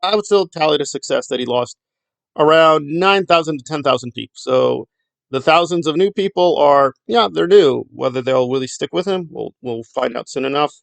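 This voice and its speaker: A man's voice: on the high side, moderate pace, creaky, dry recording. A middle-aged man giving blunt, sarcastic commentary in a rambling vlog. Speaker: YouTube commentator.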